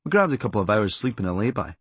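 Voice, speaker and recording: A Scottish man reading his own comic memoir in a deadpan, darkly funny delivery. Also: fairly low pitch, racing, slightly rough, no room sound. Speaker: comedian narrating his memoir.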